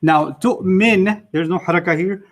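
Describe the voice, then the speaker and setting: A man with a somewhat high-pitched voice teaches a casual class over a video call. He explains things patiently and slips in light jokes. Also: normal speed, a little hiss or hum. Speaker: Arabic teacher.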